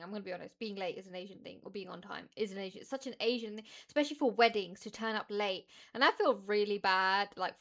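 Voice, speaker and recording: Bright-voiced chatty woman streamer. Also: medium pitch. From United Kingdom. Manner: chatty storytelling, animated quoting of others. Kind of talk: casual chat.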